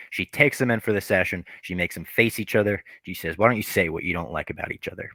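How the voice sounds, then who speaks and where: A man co-hosting a casual podcast, retelling a TV episode in a lively way and briefly acting out the characters' lines. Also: on the low side, fast, hardly any pauses, no echo. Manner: animated retelling, acts out quoted characters. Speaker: podcast co-host.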